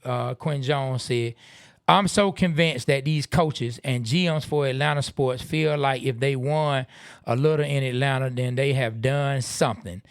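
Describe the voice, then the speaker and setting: A man co-hosting a casual live-stream podcast, reading out viewer comments with relaxed asides. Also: medium pitch, measured pace, clear, resonant tone, no echo, studio quality. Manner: laid-back, reads viewer comments aloud with asides. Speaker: podcast co-host.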